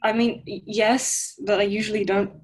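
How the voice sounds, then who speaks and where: A woman's voice: mid-range voice, flat delivery, normal speed, slightly rough. A woman playing her character in a tabletop game, speaking in a hesitant, stammering way. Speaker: player.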